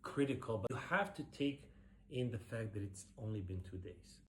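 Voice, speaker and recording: A man's voice: on the low side, lively intonation, moderate pace, a bit bright, a little hiss or hum. Blunt, sarcastic man reacting to dancing. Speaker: professional ballroom dancer reacting to a show. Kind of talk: casual reaction commentary.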